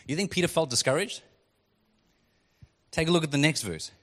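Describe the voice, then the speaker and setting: A male pastor preaching a sermon in a relaxed, conversational way, reading scripture and breaking into quick acted quotes. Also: a little high. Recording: long hall reverb.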